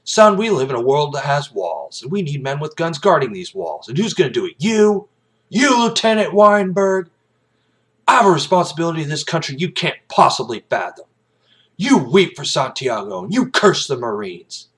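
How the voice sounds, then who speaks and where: A man playing a hardened older Marine colonel who lectures with pride and scorn and builds to shouting. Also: fairly high pitch, very animated, normal speed, pitched above the performer's own voice. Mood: stern.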